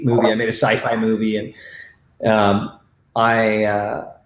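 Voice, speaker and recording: A man who works as a stunt coordinator, recounting his career in a reflective, halting way with many fillers over a video call. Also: on the low side, echoey room. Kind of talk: storytelling in a remote stream interview.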